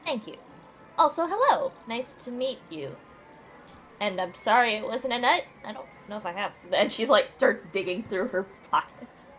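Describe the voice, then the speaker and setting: A soft-spoken, polite woman taking part as a player in a tabletop game. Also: on the high side, very animated, moderate pace, faint music behind. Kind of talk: casual tabletop play.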